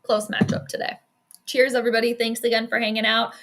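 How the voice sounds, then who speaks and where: Woman, upper-middle pitch, bright and forceful, chatty live-stream sports commentator. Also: little pitch movement. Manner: chatty, quick reactions, frequent laughs and self-deprecating asides.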